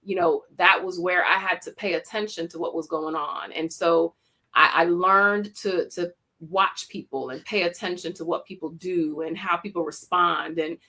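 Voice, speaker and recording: A woman's voice: fairly low pitch, steady tone, normal speed, sharp tone. A woman with a Jamaican accent, a teacher telling her story as a podcast guest, reflective with frequent restarts. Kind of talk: podcast interview.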